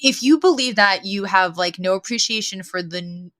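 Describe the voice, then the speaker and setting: A woman co-hosting a podcast, talking in an animated, casual way with lots of fillers. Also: mid-range voice, moderate pace. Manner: animated, chatty with many fillers. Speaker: podcast co-host. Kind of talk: casual chat.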